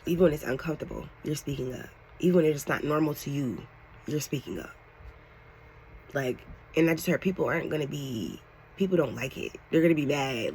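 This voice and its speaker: A woman giving a channeled tarot reading to her viewers, excitable and animated, talking casually with lots of slang and "like". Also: low voice, a little fast, slight background noise. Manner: excitable, animated, fills talk with "like". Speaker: tarot reader.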